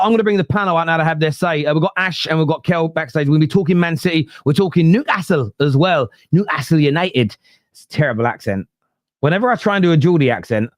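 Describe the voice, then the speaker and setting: A man's voice: mid-range voice, dry recording, studio quality. A man hosting a football fan podcast live, chatting frankly and reacting to viewer messages. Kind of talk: casual live-stream chat.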